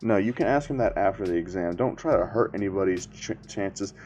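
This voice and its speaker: A man's voice: deep voice, a little fast, a little mellow, natural voice. Man doing a stern rule-bound teen boy. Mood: scolding. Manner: stern and scolding. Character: strict, rule-bound teenage boy student.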